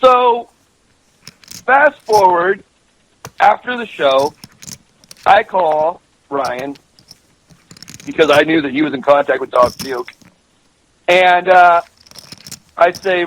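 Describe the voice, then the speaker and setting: A man's voice: fairly high pitch, lively intonation, slow, pauses often, fairly bright tone, poor audio. A middle-aged man calling in as a professional gambler, telling a heated story with lots of swearing and repeated words. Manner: profane, emphatic, repeats himself. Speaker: guest caller, professional gambler. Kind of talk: heated storytelling on a call-in show.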